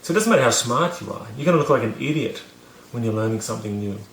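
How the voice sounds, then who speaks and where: A man's voice: mid-range voice, lively intonation, quick pace, fairly bright tone, reverberant, slight background noise. A man casually telling a story to camera, rambling with many fillers and restarts, poking fun at himself. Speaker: vlogger teaching about learning.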